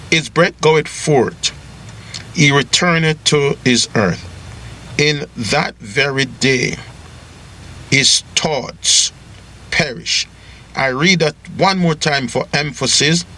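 A man's voice: mid-range voice, bright, forceful tone, a little hiss or hum. A man leading a radio devotional, reading scripture and praying in a rhythmic preaching cadence with repeated phrases. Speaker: radio minister.

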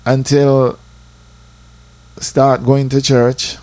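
A man with a Jamaican accent telling a personal church testimony in a lively storytelling way, slipping into patois. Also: medium pitch, drawn-out words, no echo. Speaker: church member giving testimony.

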